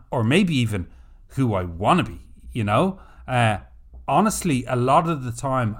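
A man hosting a podcast in a casual monologue, animated and chatty, swearing freely. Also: mid-range voice. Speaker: podcast host.

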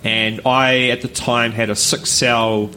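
A man's voice: mid-range voice, takes it slowly, a little hiss or hum. A man, co-hosting a podcast and telling a story casually, laughing and acting out voices as he goes. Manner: animated, laughs often, acts out voices. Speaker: podcast co-host. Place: live recording with audience.

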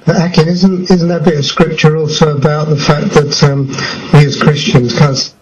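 A man's voice: a little high, little pitch movement, moderate pace, lo-fi sound. A man in casual discussion, asking a thoughtful, slightly hesitant question.

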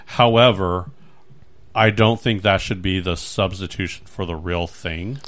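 Rambling, lower-voiced podcast host man. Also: unhurried. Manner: rambling, animated, acts out little scenes. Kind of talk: casual chat.

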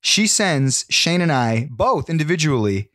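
An upbeat man co-hosting a podcast who giggles often. His fairly high voice bounces around a lot in pitch, recorded up close on a studio podcast mic. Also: very animated, measured pace, fairly bright tone. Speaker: podcast co-host. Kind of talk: casual podcast banter. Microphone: studio podcast microphone.

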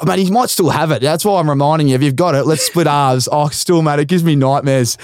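A young Australian man hosting a podcast, telling a story in an animated way and swearing freely. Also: on the high side, quick pace. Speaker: podcast host. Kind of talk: casual chat.

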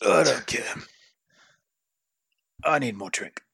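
A man voicing a drunk middle-aged Hispanic gunslinger who talks in slow, halting bits. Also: mid-range voice, expressive, vocal fry, pushed and bright, husky, no echo, clean studio sound, full character voice. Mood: drunk, weary. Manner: slow, halting, hiccuping speech.

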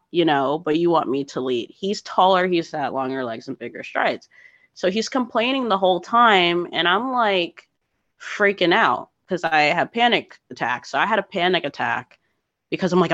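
A woman from New Jersey, a hiking podcast guest, telling an emotional personal story in a casual, animated way with lots of fillers. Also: fairly low pitch, moderate pace, no room sound, muffled recording. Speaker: podcast guest, thru-hiker.

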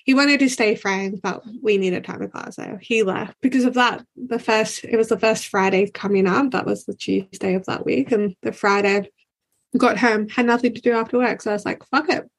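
A woman's voice: medium pitch, steady tone, moderate pace. A young woman, talking frankly as a guest, with lots of "like" and casual swearing. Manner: frank, heavy use of filler "like", casual swearing. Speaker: podcast guest. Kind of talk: candid conversational storytelling.

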